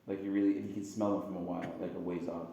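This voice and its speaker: A man, a priest giving a casual, chatty homily to a group of young people, now and then breaking into silly high sound effects. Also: fast, gravelly. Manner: chatty and animated, bursts into high-pitched sound effects and jokes with the audience. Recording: very echoey room sound.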